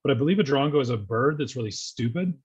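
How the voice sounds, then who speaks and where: A man's voice: mid-range voice, animated, fast talker, slightly rough, muffled recording. A man co-hosting a casual business chat, joking around and playing with slang. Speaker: podcast co-host.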